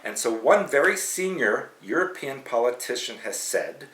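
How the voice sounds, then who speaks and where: A man's voice: mid-range voice, sing-song, moderate pace, bright, forceful tone. A man co-hosting a casual news podcast, joking and teasing as he goes through stories. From Michigan, USA. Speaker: podcast co-host. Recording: echoey room with faint noise.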